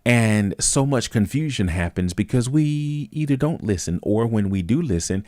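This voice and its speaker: A man's voice: medium pitch, expressive, moderate pace, a little mellow, no echo, studio quality. A man hosting a live talk stream, speaking casually and thoughtfully, with frequent fillers and restarts. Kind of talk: casual reflective monologue.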